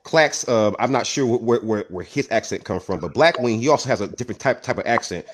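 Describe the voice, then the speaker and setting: A man's voice: on the low side, animated, fast, background noise. A man with a South Carolina accent hosting a casual online panel, talking animatedly and often repeating words as he restarts. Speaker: host. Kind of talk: casual live audio panel talk.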